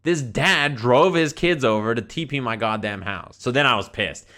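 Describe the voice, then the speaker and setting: A man streaming to his chat, telling a story in a profane, exasperated, animated rant. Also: mid-range voice, moderate pace.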